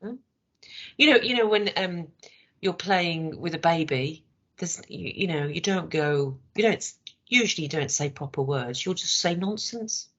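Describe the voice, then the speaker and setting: A woman with a worn, hoarse voice, leading a training session in a conversational way and checking in with rhetorical questions. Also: on the low side, expressive, unhurried. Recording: dull lo-fi recording.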